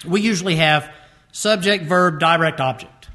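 A man preaching a sermon, stressing key words by slowing down and speeding up between phrases. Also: on the high side, bright, forceful tone. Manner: emphatic, varies pace to stress words.

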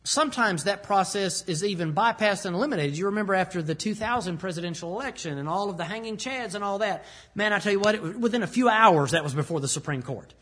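A man preaching a sermon, animated, acting out the words of the people in the story. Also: sits high, fast talker. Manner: animated, acts out the king's lines.

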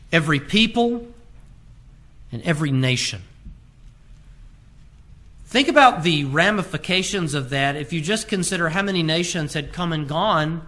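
Male pastor, higher-pitched and bright, emphatic sermon delivery that swells and drops. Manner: emphatic preaching, reads scripture aloud in King James wording; rises in force on key phrases, drops low and quiet on others.

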